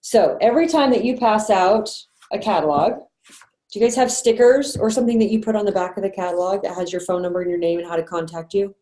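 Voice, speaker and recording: A woman's voice: mid-range voice, dark tone. Chatty woman on an echoey video call. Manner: chatty, encouraging, quick asides and laughs. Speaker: sales manager and trainer. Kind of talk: online sales training meeting.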